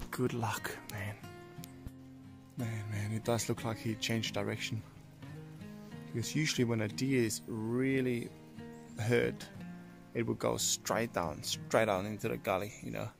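Gravelly man vlogging outdoors. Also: medium pitch. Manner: casual, swears, talks to viewers as guys. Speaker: hunting vlogger. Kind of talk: hunting vlog to camera. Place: outdoors in wet bush.

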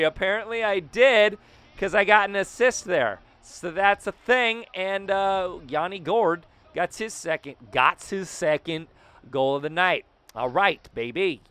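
Young guy doing jokey hockey game commentary, kinda high voice, crisp and clean, yells a lot when stuff happens. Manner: excitable, jokey, frequent loud outbursts. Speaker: gaming YouTuber. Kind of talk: casual gameplay commentary.

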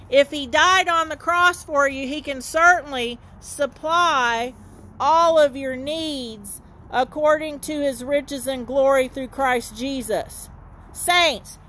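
High-voiced, slow woman preaching. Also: fairly bright tone. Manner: folksy, repetitive, keeps calling the listeners "saints". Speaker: street minister. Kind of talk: informal outdoor sermon. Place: outdoors in a dry horse lot.

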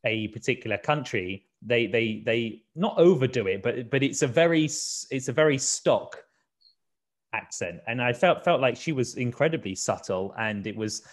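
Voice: medium pitch, expressive, normal speed. Encouraging interview host. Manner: encouraging, many short agreements. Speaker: podcast host. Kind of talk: casual interview chat.

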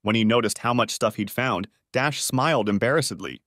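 A man narrating a revenge audiobook in an expressive storytelling voice. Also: medium pitch, a little fast, few pauses, no echo, clean studio sound.

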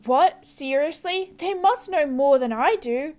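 A woman's voice: high-pitched, lively intonation, unhurried, a little mellow. A woman giving casual, chatty gameplay commentary as a gaming YouTuber, with wry, puzzled asides.

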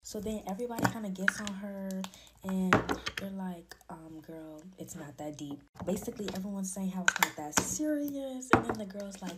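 A woman telling a dramatic group chat story late at night, talking low and lively, with whispered asides. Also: normal speed, heavy background noise. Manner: animated gossip, drops to whispers for quoted lines. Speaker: storytime creator. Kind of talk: casual storytime.

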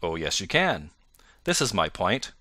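A man reading the part of a calm, incisive male detective in an audiobook, measured and self-assured. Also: low-pitched, no room sound, clean studio sound, full character voice. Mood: confident.

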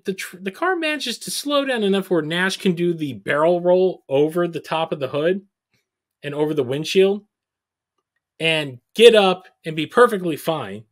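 A podcast host, a man, recaps a bad movie in casual, sarcastic chat. His voice sits a little high, and his intonation swings widely as he tells the story.

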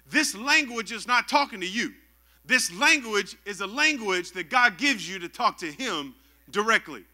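A young man preaches to his congregation, stopping often to call for their answers. His voice sits high for a man and rings very bright and sharp. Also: normal speed. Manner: lively call-and-response preaching. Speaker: pastor. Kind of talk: sermon.

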